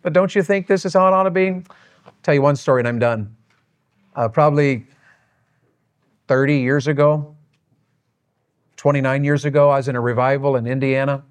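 A middle-aged man preaching on marriage, telling a story in a folksy, animated way. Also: medium pitch, moderate pace, pauses often, clear, resonant tone.

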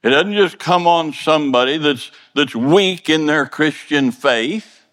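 Male preacher, sermon, folksy and plainspoken, earnest, stammering repeats, slightly high voice, long hall reverb. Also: unhurried, a bit bright.

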